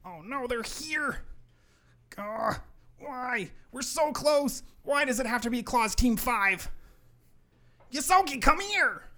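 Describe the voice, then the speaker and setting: A man doing a frantic high-voiced elf tech. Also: expressive, fairly bright tone. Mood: panicked. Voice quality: high, fast, flustered. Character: excitable young male elf technician.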